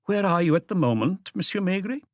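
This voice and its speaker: A starchy young diplomat with a strong Dutch accent, formal and guarded, his voice pitched above the reader's own, as a male audiobook narrator puts him on. The sound is close and dry. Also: animated, fairly quick, a little mellow, no echo.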